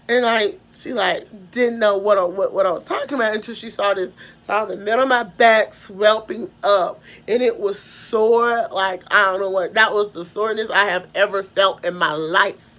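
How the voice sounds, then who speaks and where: A young woman tells a personal story in casual, rambling speech. She often stops and corrects herself, and she sounds emotional as she retells it. Her voice sits in a middle pitch. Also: moderate pace, a bit bright.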